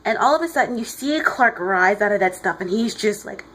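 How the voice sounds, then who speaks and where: A woman giving an excited, casual comic review while standing, often restarting her sentences. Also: medium pitch, brisk, hardly any pauses, slight background noise, low-quality recording.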